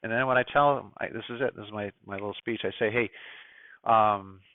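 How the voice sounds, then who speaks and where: A man's voice: on the low side, steady tone, brisk, no room sound. A middle-aged man from the United States giving a casual, opinionated presentation to a ham radio club, full of fillers and asides. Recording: dry, phone-like narrow sound.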